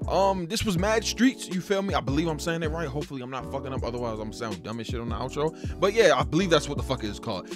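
This gaming channel host speaks very fast with few pauses, his voice on the high side and expressive. Playing along to game music, he swears casually and trash-talks the game's fighters.

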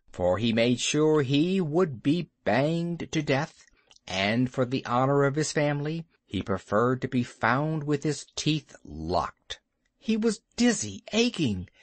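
A man reading a classic story aloud as an audiobook narrator, expressive and lively. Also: medium pitch, dry recording.

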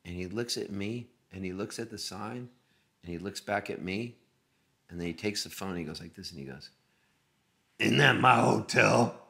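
A man telling a funny story as a guest, animated and often laughing. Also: sits low, brisk. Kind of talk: casual storytelling.

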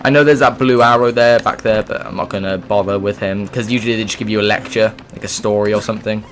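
A man's voice: on the low side, fairly even intonation, fast talker, a bit bright, soft background music. A man doing casual let's play commentary, rambling along with sudden exclamations. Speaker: gaming YouTuber.

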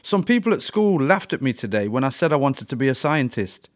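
A man's voice: medium pitch, huge pitch swings, fairly quick, slightly rough, pitched above the performer's own voice, full character voice. A man voicing an emotional young schoolgirl in a children's storybook, speaking in a raised, pleading voice. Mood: upset.

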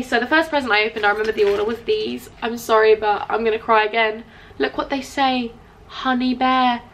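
Gushing, excitable young woman vlogger. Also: a little high. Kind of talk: casual vlog chat to camera. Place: indoors at home.

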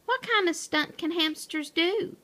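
A woman's voice: extremely high pitch, a little slow, sharp tone, voice pushed up, full character voice. A bored, sneering house cat drawls his taunts with mocking scorn, as a woman reads him aloud. He sounds smug and teasing, a storybook troublemaker.

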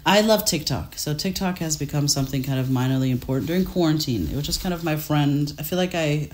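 A woman's voice: low-pitched, fast talker, darkish tone. Chatty, rambling woman in her thirties. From France. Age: 30s. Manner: chatty, rambling, laughs often. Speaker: guest artist. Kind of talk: casual chat.

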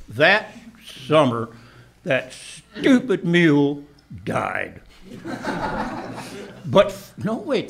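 An older man telling a personal anecdote in an animated way, laughing and shouting at the exciting moments. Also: fairly high pitch. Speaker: storyteller.

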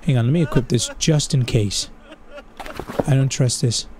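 A man giving excitable, profane let's play commentary, talking straight to his viewers and dropping Spanish slang exclamations. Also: mid-range voice, moderate pace, background noise. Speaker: gaming channel host.

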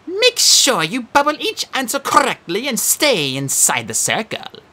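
A woman's voice: wildly swooping pitch, a little slow, sharp tone, full character voice. A woman voicing a fussy, snappish female sphinx monster who runs a quiz in an audiobook. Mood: prim. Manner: prim, snappish, high and drawn out.

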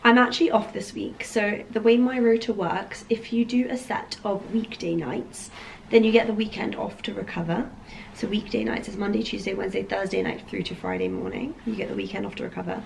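A young woman chatting to camera in a casual vlog, croaky with morning voice and rambling with ums and likes. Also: medium pitch, fairly quick, slight background noise, low-quality recording. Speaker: vlogger.

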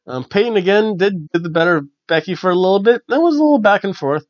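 A man hosting a casual wrestling review, chatty and animated with lots of fillers. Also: high-pitched, fast talker, hardly any pauses, no echo. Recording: dull, dry lo-fi recording.

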